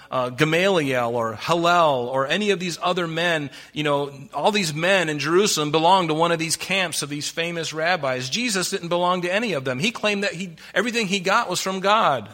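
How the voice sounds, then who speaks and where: Bright-voiced male pastor, conversational sermon. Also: on the high side. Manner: conversational, fond of rhetorical questions. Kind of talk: sermon, verse-by-verse Bible teaching.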